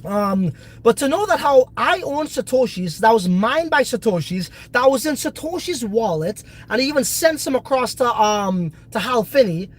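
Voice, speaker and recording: A man's voice: extremely high pitch, lively intonation, normal speed, poor audio. A congested man hosting a casual crypto video, talking in a brash, profane, hyped way. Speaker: crypto project host.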